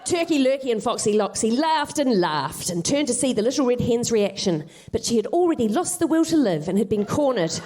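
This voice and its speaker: A woman's voice: fairly high pitch, sing-song, a little fast, few pauses, dark tone, slight background noise. A woman doing live stand-up, telling a comic fairy tale with wry, self-deprecating asides. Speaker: stand-up comedian.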